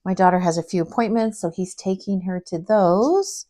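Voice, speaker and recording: A middle-aged woman chatting casually to camera as a craft vlogger, rambling through everyday stories with many fillers and animated bits when she quotes people. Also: medium pitch, moderate pace. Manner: animated when quoting others.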